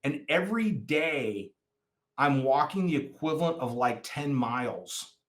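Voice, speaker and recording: A man as a podcast guest, telling stories in a rambling, animated way during a casual chat. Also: mid-range voice, unhurried. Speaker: podcast guest, nonprofit founder.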